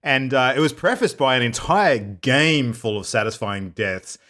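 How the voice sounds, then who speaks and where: Man, gaming podcast co-host, teasing banter, animated pitch. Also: a little slow. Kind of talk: casual gaming podcast chat.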